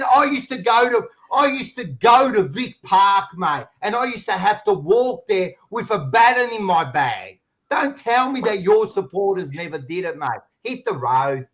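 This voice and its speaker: Combative Australian man, high voice. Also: a bit bright. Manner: blunt, combative, says mate constantly. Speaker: podcast panelist. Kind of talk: heated casual debate. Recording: dull lo-fi sound.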